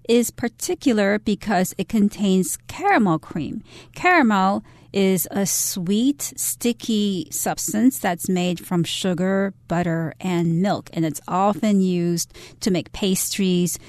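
A woman co-hosting an English lesson on the radio, giving clear definitions of words. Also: mid-range voice, a little mellow, no echo. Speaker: English teacher co-host.

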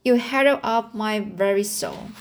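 A headstrong young orphan girl with a flair for drama, voiced by a woman reading a storybook aloud. She speaks slowly and earnestly, at a middling pitch. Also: gravelly. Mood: stubborn. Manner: earnest, read haltingly.

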